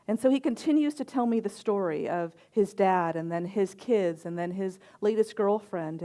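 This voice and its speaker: A middle-aged woman minister giving a sermon, telling stories softly and acting out the people she quotes. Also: fairly low pitch. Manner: gentle storytelling with quoted voices and soft pauses.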